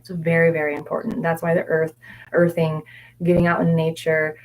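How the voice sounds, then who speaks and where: A woman with a low voice and a gravelly, fry-laden edge answers viewer questions as a mindset coach. She talks candidly and meanders through fillers and restarts, and sometimes drops her voice to soft, near-whispered repetitions. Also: monotone, a little fast. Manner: candid, meandering, frequent fillers and self-corrections. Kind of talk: live Q&A session.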